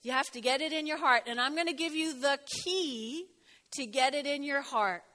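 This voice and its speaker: A woman pastor preaching a lively sermon, chatty and animated, joking and laughing with her congregation. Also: sits high, normal speed. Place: church hall. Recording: long hall reverb. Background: congregation shouting out.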